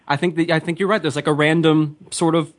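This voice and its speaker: A man's voice: on the high side, little pitch movement, fast talker. A man hosting an online radio interview show, talking casually and rambling with frequent laughs. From Philadelphia area. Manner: chatty, rambling, laughs often.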